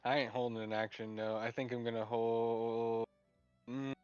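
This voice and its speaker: A man's voice: medium pitch, little pitch movement, moderate pace, darkish tone, clear, resonant tone, no echo, highs cut off, faint music behind. A man playing in a tabletop game, chatting casually, joking and swearing. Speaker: player.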